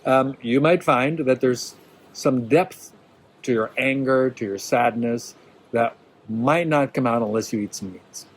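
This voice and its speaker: This workshop leader has a mid-range male voice and a measured pace, heard through poor audio. Teaching a small group informally, he stays casual and encouraging, often asking "right?" to check on his listeners.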